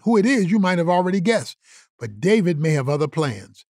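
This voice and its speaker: Brief: male show host, fairly high voice, earnest scripted intro, dry close recording. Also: big pitch swings, a little fast, darkish tone, no echo.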